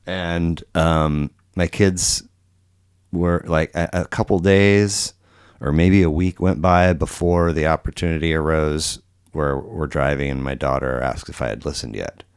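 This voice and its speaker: A middle-aged man hosts a casual podcast chat. His voice sits very low and has a smooth, clean tone, recorded dry with no room sound. He wanders through his thoughts and restarts his sentences often. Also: fairly even intonation, measured pace, no room sound. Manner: rambling, many restarts and fillers, acts out quotes. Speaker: podcast host. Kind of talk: casual conversational interview.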